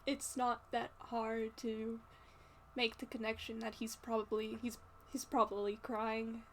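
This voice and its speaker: Slow, halting woman narrating a role-play. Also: on the high side, level tone, fairly bright tone, a little hiss or hum. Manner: halting, with frequent fillers and restarts. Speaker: game master.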